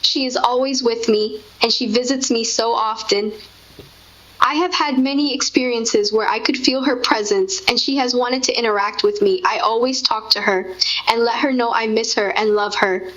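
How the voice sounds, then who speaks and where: A woman's voice: a little high, steady tone, normal speed, fairly bright tone. Tender-voiced woman, lo-fi recording. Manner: tender, heartfelt, loving. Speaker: grieving mother. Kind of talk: intimate spoken conversation. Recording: dull lo-fi recording.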